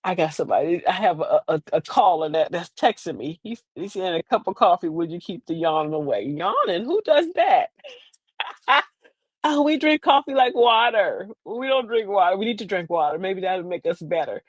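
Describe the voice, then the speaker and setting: A woman's voice: fairly low pitch, lively intonation, brisk, no room sound. A woman, hosting a streamed show in a sassy, rambling comedic monologue. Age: 50s. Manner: chatty, sassy, rambling with repeated phrases.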